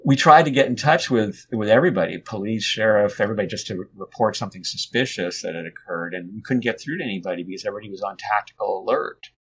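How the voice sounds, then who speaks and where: Low-voiced male guest, rambling conversational storyteller, lots of restarts. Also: fast, few pauses, slightly rough. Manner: relaxed, rambling, frequent restarts and fillers. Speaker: interview guest.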